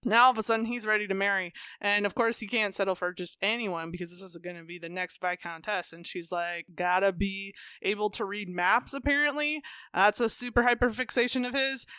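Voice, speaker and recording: A woman co-hosts a podcast in relaxed, casual chat. She tells a story quickly and with cheeky profanity and a joking edge. Her voice is bright and crisp, and it is recorded dry and close. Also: medium pitch, dry recording. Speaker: podcast co-host. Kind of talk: casual chat, comic plot recap.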